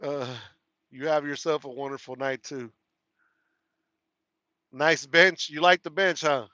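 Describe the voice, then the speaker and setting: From the cab of his truck, a man with a Texas country twang hosts a casual livestream, reading viewer comments, laughing a lot, and thanking people again and again. His fairly high voice is pushed and bright at a measured pace, and the recording is dry and dull.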